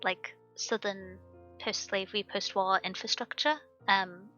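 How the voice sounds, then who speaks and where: Stream host, woman, bright tone, chatty and hesitant, full of fillers, lo-fi audio with soft music behind. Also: medium pitch, fairly even intonation, unhurried. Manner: rambling, hesitant, many fillers and restarts. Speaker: book club streamer. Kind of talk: casual chat.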